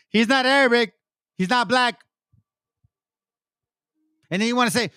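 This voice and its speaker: A high-voiced man rants in angry, mocking commentary, swearing constantly and breaking into scornful laughter. His voice is close and dry, with almost no room sound. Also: normal speed, long pauses, pushed and bright, smooth, no echo. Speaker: commentary channel host. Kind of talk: profane commentary rant over played clips.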